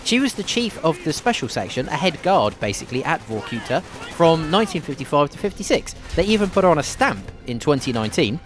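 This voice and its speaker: Brief: male host, casual jokey game commentary with history, animated intonation. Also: a little high, fast talker. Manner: chatty and jokey, with dry asides. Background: game gunfire and faint music.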